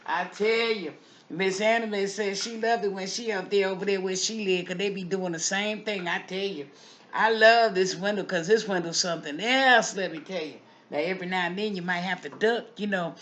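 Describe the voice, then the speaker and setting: A woman's voice: mid-range voice, normal speed, a bit bright, lightly acted. A woman playing a gossipy window-watching neighbor lady. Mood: musing. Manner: folksy, chatty, repeats "I tell you". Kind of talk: comic character monologue.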